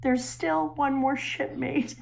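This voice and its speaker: Woman, high-pitched, casual chat, animated emotional retelling. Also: takes it slowly, creaky. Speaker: guest recapping a story arc.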